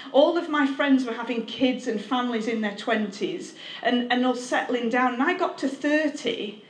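A woman, a pastor giving a candid, conversational testimony sermon with self-deprecating humor. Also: high-pitched. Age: 30s. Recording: echoey room.

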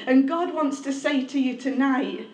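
A woman's voice: high voice, measured pace, a little mellow. A woman, a pastor giving a candid, conversational testimony sermon with self-deprecating humor. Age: 30s. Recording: echoey room.

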